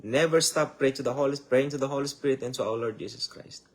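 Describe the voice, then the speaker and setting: A man's voice: mid-range voice, quick pace. A man with a Filipino accent, a native Tagalog speaker, gives a Bible teaching in English in a loose, conversational way. He keeps calling his listeners "my dears" and repeats rhetorical questions. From Philippines. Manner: loose and conversational, starts phrases over. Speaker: preacher. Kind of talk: live-streamed Bible teaching.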